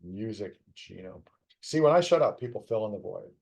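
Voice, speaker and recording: A man's voice: on the low side, expressive, normal speed, gravelly, darkish tone, husky. A tired middle-aged man muttering to himself as he solves a puzzle on a live stream, teasing the puzzle's setter. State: tired, yawning. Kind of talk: casual live-stream commentary while solving.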